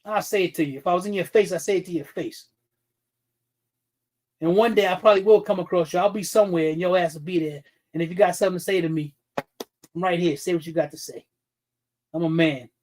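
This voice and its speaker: Casting note: high-voiced man from the US, heated and confrontational, swears freely, stream-host delivery. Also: brisk, pauses often, a little mellow. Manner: blunt, profane, confrontational; speaks with many restarts and repeated words. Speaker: streaming talk show host. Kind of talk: heated livestream commentary.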